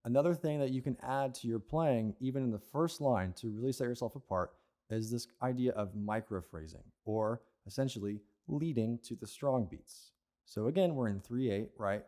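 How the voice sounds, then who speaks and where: A man's voice: mid-range voice, mellow. A man teaching an advanced percussion lesson, explaining patiently and checking in with "okay?" and "right?" as he goes. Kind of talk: instructional lesson.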